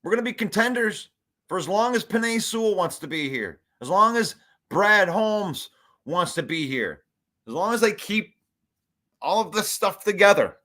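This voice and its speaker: A high, bright-voiced man hosts a live fan commentary stream. He talks in an animated, hyped way, reads chat comments aloud and laughs often. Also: moderate pace. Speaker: sports show host.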